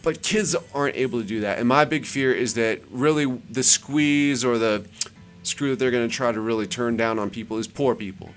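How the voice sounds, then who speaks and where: With faint music behind him, a man hosting his channel talks casually and rambles as he scrolls web pages, doubling up words for emphasis. His voice is mid-range at normal speed.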